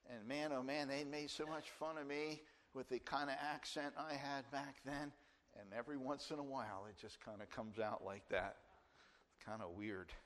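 An older man in his sixties delivers a sermon from the pulpit. His voice sits at an ordinary middle pitch, and he pushes his key phrases up with earnest, emphatic stress. He comes from New Jersey. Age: 60s. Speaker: pastor.

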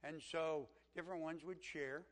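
A man's voice: on the high side, steady tone, normal speed. A man preaching a sermon as pastor, telling a story in a conversational way.

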